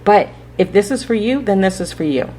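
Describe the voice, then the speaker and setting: This woman has a mid-range, mellow voice with lively intonation and a slightly fast pace, recorded with a bit of background noise. Hosting a spiritual podcast, she addresses listeners directly in a rambling, preachy way, checking in with "right?" again and again.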